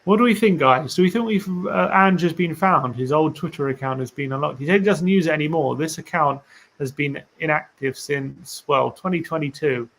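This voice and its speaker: Rambling, higher-voiced man streaming. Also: a little fast, a bit bright. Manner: musing, rambling, asks viewers rhetorical questions. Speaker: fan channel stream host. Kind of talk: casual live-stream chat reading tweets aloud.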